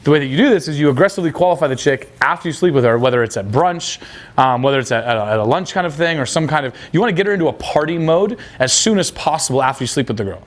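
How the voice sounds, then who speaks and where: A man's voice: fairly high pitch, lively intonation, very fast. A young man coaching on dating, blunt and crude, acting out quoted dialogue. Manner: blunt, casual, crude slang. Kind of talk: coaching talk.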